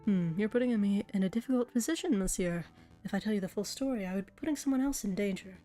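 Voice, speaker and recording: A woman voicing a sly male bird investigator who poses as a prince, with a smooth, evasive manner. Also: medium pitch, fast, warm tone, soft background music, lightly acted. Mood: scheming.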